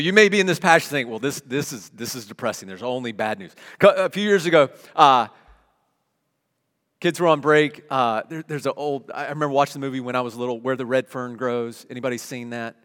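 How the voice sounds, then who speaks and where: A man's voice: medium pitch, fairly quick, fairly bright tone. A middle-aged man preaching a sermon to his church, moving from conversational asides to emphatic declarations. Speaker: pastor. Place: church sanctuary. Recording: long hall reverb.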